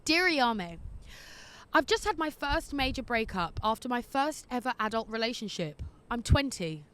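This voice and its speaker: A woman's voice: on the high side, very animated, normal speed, a bit bright, clear, resonant tone. A woman in her twenties hosting an advice podcast, reading letters aloud in a cheeky, sassy way and laughing often, recorded outdoors in the wind. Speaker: podcast host giving advice. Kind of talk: casual agony-aunt chat reading letters. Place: outdoors in windy streets.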